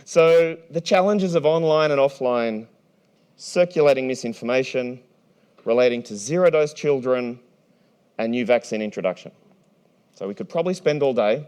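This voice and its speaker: A man moderating a conference panel in a large hall, energetic and playful, often restarting his sentences. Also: mid-range voice.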